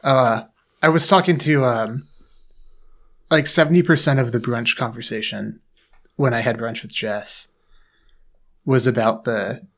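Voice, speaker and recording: A man's voice: mid-range voice, a little slow, long pauses, fairly bright tone. Rambling casual podcast man. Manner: rambling, filler-heavy storytelling. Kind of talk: casual chat.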